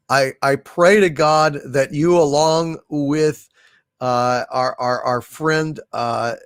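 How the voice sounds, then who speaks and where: A man hosting a livestream, slowly reading out viewers' messages and thanking them, with many fillers and restarts. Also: a little high, no echo, studio quality. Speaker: livestream host reading super chats. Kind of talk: casual livestream chat.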